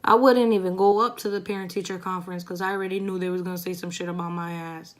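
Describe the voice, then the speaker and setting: A woman's voice: fairly low pitch, steady tone, fast talker. A young woman vlogger who tells a story in a chatty, laid-back way while doing her makeup, swearing freely. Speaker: beauty vlogger.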